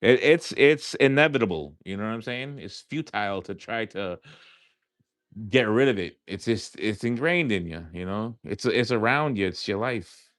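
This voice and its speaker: A man's voice: on the low side, lively intonation, normal speed, fairly bright tone, no room sound, clean studio sound. A man from New York with a light New York accent, chatting casually with his live-stream audience, rambling and repeating himself with lots of fillers.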